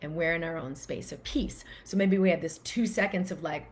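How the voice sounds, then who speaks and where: A woman teaching in a casual, animated way, acting out the quoted voices of inner thoughts as she explains. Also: fairly low pitch, moderate pace. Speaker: physician and wellness teacher.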